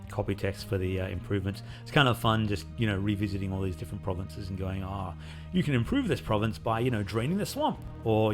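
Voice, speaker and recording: A man casually talking through a playthrough of the game he is developing, relaxed and rambling with lots of fillers. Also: lowish voice. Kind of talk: casual gameplay devlog commentary.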